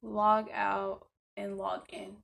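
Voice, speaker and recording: A woman's voice: mid-range voice, completely flat delivery, takes it slowly, gravelly. A woman hosting her own faith podcast, talking casually to her listeners with a playful put-on country drawl, lots of y'all and laughter. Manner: chatty, laughing, loosely rambling; ends in a soft spoken prayer. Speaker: podcast host. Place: at her workplace.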